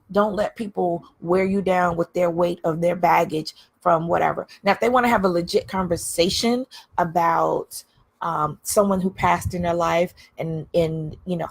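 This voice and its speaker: Blunt, husky woman on a livestream. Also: lowish voice. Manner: blunt, emphatic, repeats phrases for emphasis. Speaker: livestream host. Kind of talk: candid livestream talk.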